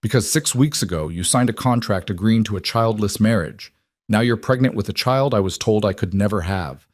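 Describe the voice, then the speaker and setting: A man's voice: fairly low pitch, fairly quick, dry recording, clean studio sound, lightly acted. A man playing a controlled mafia boss husband who talks in a clipped, guarded, tense way. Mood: angry.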